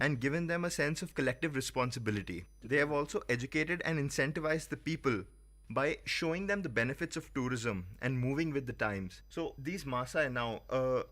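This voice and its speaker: A man talks as a radio studio guest. He explains things in a steady, orderly way. His voice sits at a medium pitch. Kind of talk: explanatory talk.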